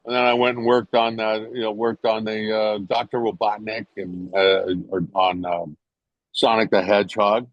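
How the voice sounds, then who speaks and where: A man's voice: normal speed, no echo. Older man telling stories, dry dull audio. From England. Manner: animated storyteller, jumps to high voices when quoting others. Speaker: actor guest. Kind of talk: casual anecdote telling.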